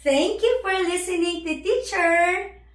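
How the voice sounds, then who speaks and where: A woman teaching young children animal names and sounds, speaking slowly with exaggerated, sing-song prompts for them to repeat. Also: very high-pitched, reverberant, recorded from a distance. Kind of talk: children's vocabulary lesson.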